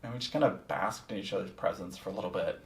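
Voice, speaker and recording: Gravelly low-voiced man, roomy sound. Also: quick pace, distant mic. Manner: candid and reflective, swears freely. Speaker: podcast host. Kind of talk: casual first-person storytelling. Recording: roomy sound, set back from the mic.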